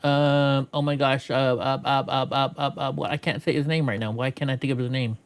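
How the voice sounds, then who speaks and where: A man's voice: medium pitch, steady tone, fairly quick, clean tone. A middle-aged man chatting casually on a live stream, rambling and swearing, often laughing at clips. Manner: rambling, profane, laughs a lot. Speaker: streamer host.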